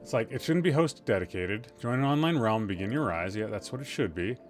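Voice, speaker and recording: A man's voice: on the low side, expressive, brisk, soft background music. Rambling, loopy male gaming-stream host. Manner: rambling, jokey, self-deprecating, swears casually. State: tired, a bit loopy. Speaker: podcast host. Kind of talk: casual gaming livestream chat.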